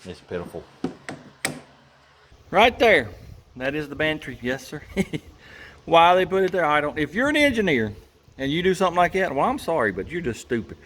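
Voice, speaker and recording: Folksy garage host, fairly high and lively voice, chuckles as he tinkers. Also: moderate pace, pauses often, slight background noise. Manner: folksy, chuckling, grumbles about engineers. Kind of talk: casual workshop narration.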